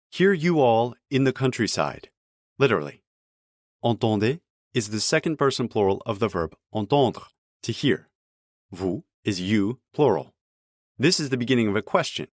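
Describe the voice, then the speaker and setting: A man calmly explaining text line by line as a language teacher, in scripted narration with careful, clear pronunciation of examples. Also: medium pitch, no room sound, studio quality.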